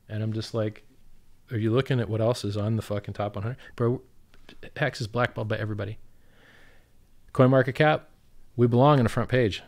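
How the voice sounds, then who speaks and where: Profane ranting man, swinging loud and soft. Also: lowish voice. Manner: swears constantly, loud outbursts and sarcastic quotes. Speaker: crypto project founder, guest. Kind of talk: profane animated ranting in casual chat.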